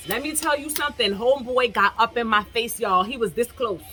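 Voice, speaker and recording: A woman's voice: on the high side, a little fast, bright, forceful tone, slight background noise. An American woman vlogger tells a story straight to camera in a casual, emphatic way, often calling out to her viewers as "y'all". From United States. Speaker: travel vlogger.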